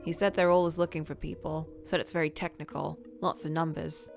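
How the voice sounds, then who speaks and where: A woman's voice: low-pitched, level tone, fairly quick, vocal fry, soft background music. Woman reading as a nagging older mother. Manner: gently scolding, doting. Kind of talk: reading game dialogue aloud.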